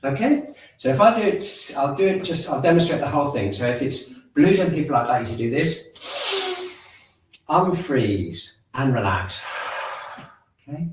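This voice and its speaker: Calm man guiding breathing, very echoey. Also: fairly high pitch, fast talker, a little hiss or hum. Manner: calm, gently instructive, talks through exercises step by step. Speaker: qi gong and shiatsu instructor. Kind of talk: guided movement and breathing class. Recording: very echoey room, mic far off.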